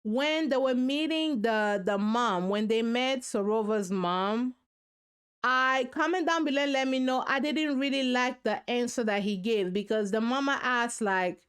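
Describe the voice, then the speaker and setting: A woman's voice: a little high, unhurried, clear, resonant tone. A woman hosting a reaction video, giving sassy, slangy commentary on a reality show and talking straight to her viewers.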